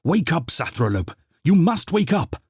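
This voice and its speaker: A man voicing a panicky, scheming male cousin who pleads in a shrill, urgent voice. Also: sing-song, measured pace, darkish tone, husky, no echo, studio quality, heavily acted. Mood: alarmed.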